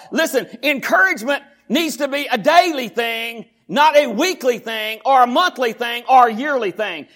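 High-voiced shouting Texan preacher. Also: male voice. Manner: fervent, often shouting, repetitive preaching cadence. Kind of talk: sermon.

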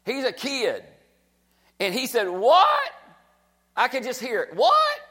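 Male pastor, high voice, emphatic sermon delivery. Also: expressive, moderate pace, pushed and bright. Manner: emphatic, repetitive exhortation.

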